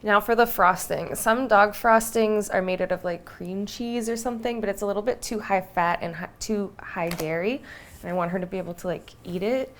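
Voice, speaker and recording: A woman's voice: medium pitch, normal speed, a little hiss or hum. A young woman in casual vlog chat, talking through a baking recipe in her home kitchen and chatting to her dog along the way. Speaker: vlogger.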